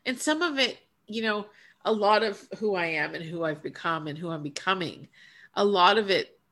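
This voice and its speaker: A woman's voice: lowish voice, expressive, moderate pace, fairly bright tone. A woman podcast co-host and coach in casual spiritual chat, earnest and reflective, speaking emphatically and often restarting her sentences.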